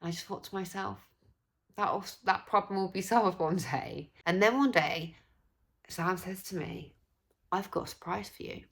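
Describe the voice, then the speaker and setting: A woman's voice: on the low side, moderate pace. Chatty young English woman telling a story. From England. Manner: chatty, animated, acts out quoted voices. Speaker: vlogger. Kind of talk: casual storytelling.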